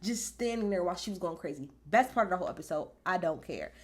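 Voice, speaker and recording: Animated, swearing woman vlogger. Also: lowish voice, quick pace. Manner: emphatic, animated, swears freely. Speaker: wrestling show reviewer. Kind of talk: casual recap vlog.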